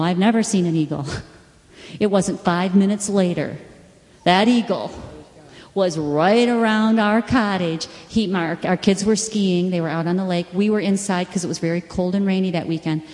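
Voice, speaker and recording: A middle-aged woman giving an earnest personal testimony as a Bible teacher, telling stories and quoting scripture with bursts of excitement. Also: fairly low pitch. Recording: long hall reverb.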